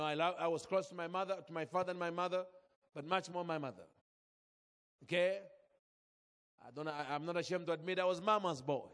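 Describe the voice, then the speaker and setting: High-voiced man preaching in a reverberant hall. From Zambia. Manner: emotional storytelling, calls out to congregation. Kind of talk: sermon.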